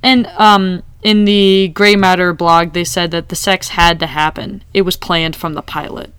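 A woman chatting casually about a TV episode, animated and acting out quoted lines. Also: on the low side, unhurried, smooth, dry recording. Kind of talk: casual TV recap chat.

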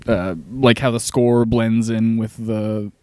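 A man co-hosting a podcast in casual chat, animated and profane, often laughing as he retells scenes. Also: fairly low pitch, slow. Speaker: podcast co-host.

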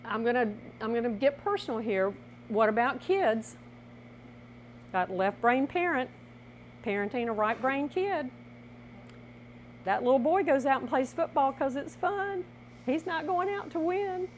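A woman presenting a workshop in a lively teaching style, acting out little scenes as she explains. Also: high-pitched, unhurried, long pauses, a little hiss or hum. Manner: animated, laughing, acts out little scenes.

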